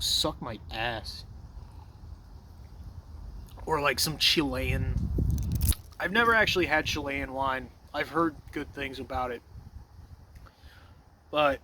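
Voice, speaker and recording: Dude rambling to the camera, bright sharp voice, cusses a lot, wanders off topic, super sure of himself. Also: male voice, medium pitch, a little hiss or hum. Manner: loose, profane, says "bro" and "dude" a lot; self-assured and digressive, trails off mid-thought. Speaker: vlogger. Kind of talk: casual rambling monologue.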